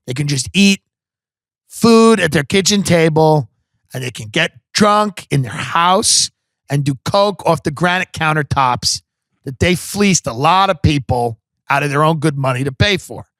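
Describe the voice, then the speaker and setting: A man with a fairly high voice tells a comedic story on his podcast, animated and profane. He jumps in and out of impressions, recorded close on a dry studio mic. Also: a little slow, dry recording. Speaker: podcast host.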